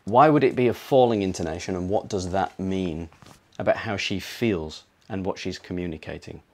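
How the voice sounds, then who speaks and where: A British man teaching a pronunciation lesson, explaining slowly and repeating words to model them. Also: low-pitched. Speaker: English teacher.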